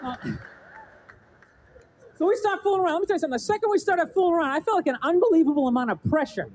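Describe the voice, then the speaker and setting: A man's voice: very high voice, lively intonation, very fast, darkish tone. A man from the American suburbs telling a rambling stand-up story on stage, full of "you know what I mean". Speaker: stand-up comedian. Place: comedy stage with a live audience.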